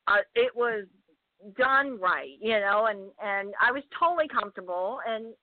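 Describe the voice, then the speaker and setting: Chatty actress on a tinny phone line. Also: female voice, mid-range voice, a little slow, dry recording. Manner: animated, full of fillers, acts out loud quoted voices. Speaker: guest actress. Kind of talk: casual podcast storytelling.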